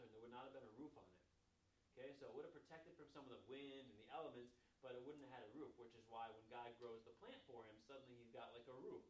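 A man's voice: medium pitch, slight background noise. Man teaching in an echoey room. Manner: conversational, animated, acts out quotes. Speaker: Bible study teacher. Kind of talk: casual Bible lesson. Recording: echoey room, mic at a distance.

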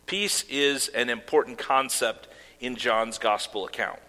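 Bright-voiced preacher in a reverberant hall. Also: male voice, medium pitch, measured pace. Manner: earnest preaching with casual asides and fillers. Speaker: pastor. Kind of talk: sermon.

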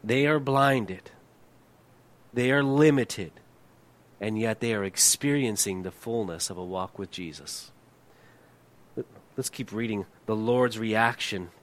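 A middle-aged man, a pastor, preaching a sermon. He asks the congregation rhetorical questions and often drops to a hushed, low voice to drive a point home. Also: slow pace, pauses often.

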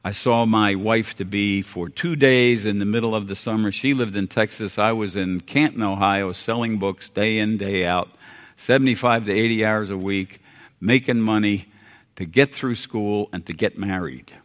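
An older American man preaching a sermon, earnest and folksy, repeating phrases and dropping suddenly quiet for emphasis. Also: fairly low pitch, normal speed. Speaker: pastor. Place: church sanctuary. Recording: long hall reverb.

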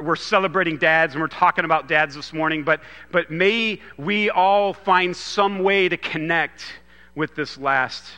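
A pastor delivers a Father's Day morning sermon in a high-pitched, sharp voice, with long hall reverb on the recording. His preaching is loose and conversational, with frequent restarts.

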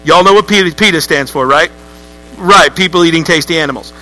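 A man preaching a lively, joking sermon to a church congregation. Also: a little high, fairly quick, low-quality recording. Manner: lively, joking, acts out voices with rising outbursts. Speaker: pastor.

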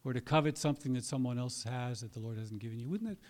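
Male preacher, mid-pitched voice, earnest and emphatic, sermon delivery with dramatic pauses. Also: steady tone, a little mellow.

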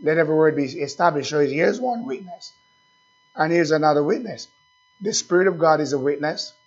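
A man preaching a sermon as pastor, speaking slowly and asking the congregation questions again and again. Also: on the high side, animated, lo-fi sound.

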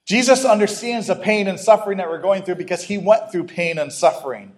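A man's voice: sits high, a little fast. A man preaching a sermon as a pastor, conversational, breaking off into humorous asides and restarts.

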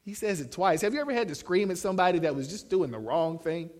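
Young man, pastor, sermon, high-pitched, animated, acts out quotes. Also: quick pace. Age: young adult.

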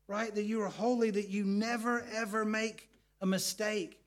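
Middle-aged man, high-pitched, earnest preacher who repeats himself. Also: fairly even intonation, moderate pace. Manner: earnest, repeats words, tells family stories. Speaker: pastor. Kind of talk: sermon.

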